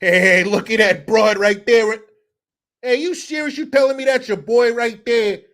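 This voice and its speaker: A man voicing a brash street guy who heckles and catcalls loudly. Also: high voice, unhurried, pitched above the performer's own voice.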